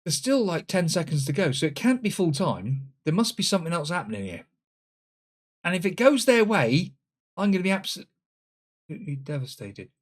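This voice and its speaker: A man commenting on his own football management game, swinging between loud exclamations and muttered asides. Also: sits high, sing-song, brisk. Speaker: gaming channel host. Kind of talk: let's-play commentary.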